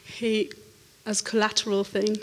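A woman telling an animated church testimony, laughing often and acting out the voices in her story. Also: medium pitch, unhurried, background noise. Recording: reverberant hall.

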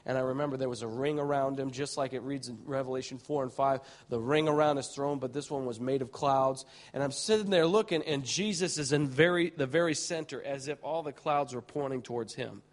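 A male preacher telling a vivid vision story in a sermon, excitable and full of restarts, swinging from hushed tones to shouts. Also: medium pitch, fairly quick, few pauses.

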